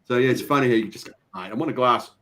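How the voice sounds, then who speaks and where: A man's voice: medium pitch, very fast, fairly bright tone. A middle-aged Australian man from Victoria, hosting a casual live-stream chat, telling stories, getting sidetracked and laughing often. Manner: chatty storyteller, easily sidetracked, laughs often. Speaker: host. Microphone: video call.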